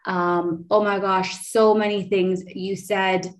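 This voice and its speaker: A woman in her thirties hosts a casual podcast chat. She tells a long personal story in a rambling, heartfelt way, with her voice sitting at an everyday middle pitch. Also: level tone, slow. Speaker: podcast host.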